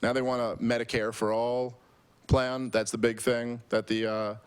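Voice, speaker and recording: A man's voice: medium pitch, flat delivery, normal speed, clean tone. A man doing a stand-up comedy set at a live show, telling a rambling story with many fillers and restarts.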